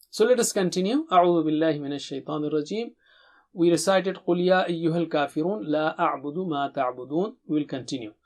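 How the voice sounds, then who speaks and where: A man's voice: high voice, a little mellow. Patient male tajweed teacher. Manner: patient, repeats words slowly for learners to echo; drawn-out chanted recitation of verses. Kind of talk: Quran recitation lesson.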